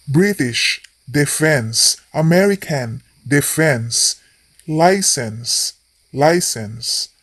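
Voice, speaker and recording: Slow, measured man reading word lists. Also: a little high, fairly bright tone, no room sound, studio quality. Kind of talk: slow scripted lesson narration.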